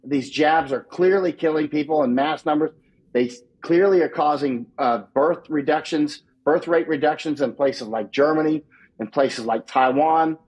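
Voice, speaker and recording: A husky man with a somewhat high voice talks as a guest in a casual interview. He is emphatic and repeats himself, and he often laughs at his own lines. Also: moderate pace, darkish tone, rough recording. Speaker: war correspondent guest.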